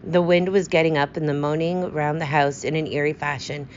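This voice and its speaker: Low-voiced woman narrating a mystery. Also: flat delivery, fairly quick, muffled recording, slight background noise. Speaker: audiobook narrator. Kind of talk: scripted narration.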